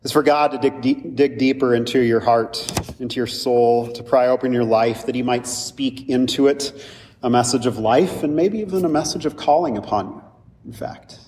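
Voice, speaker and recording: A man's voice: mid-range voice, a little mellow, slight background noise. A male pastor preaching a sermon in a conversational, lightly humorous way, with asides to the congregation. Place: church sanctuary. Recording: distant mic with long hall reverb.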